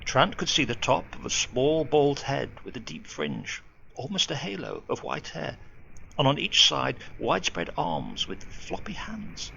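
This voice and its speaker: A man reading a ghost story aloud in a measured, expressive way. His voice is very gravelly with a bright, forceful edge. The home recording is dull and lo-fi, with a faint hum behind it. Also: medium pitch. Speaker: narrator.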